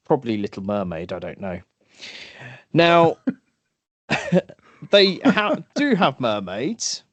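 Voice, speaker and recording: A man's voice: medium pitch, sing-song, slow pace, no room sound. A British man co-hosting a podcast, chatty and self-mocking as he recounts folklore. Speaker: podcast co-host. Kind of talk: casual chat, storytelling.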